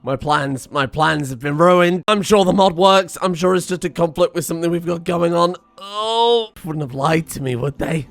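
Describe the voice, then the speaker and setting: Excitable gaming commentator. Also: male voice, a little high, normal speed, vocal fry, few pauses, no echo. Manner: excitable, self-mocking, swears, muses aloud. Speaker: gaming streamer. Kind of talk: casual gameplay commentary.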